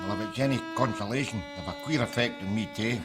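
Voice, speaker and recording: A man's voice: fairly low pitch, quick pace, natural voice. A man playing a scruffy, crude, middle-aged Glaswegian man who mocks people with sarcastic asides. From Glasgow. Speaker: sitcom character. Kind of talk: sitcom acting. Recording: TV clip with music over it.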